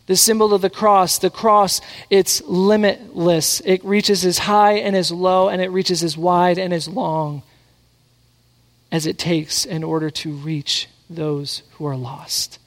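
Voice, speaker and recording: A man's voice: sits high, slow pace. A man preaching a sermon, mixing scripture with family stories and acting out the voices of the people in them. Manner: animated, acts out quotes. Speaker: pastor. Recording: long hall reverb.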